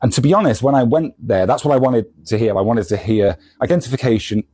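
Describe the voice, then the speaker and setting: A man's voice: medium pitch, fast, dark tone, breathy edge, dry recording. A man who sells comics, talking in a casual vlog, rambling and self-deprecating as he does a kitchen science demo. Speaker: comic shop seller.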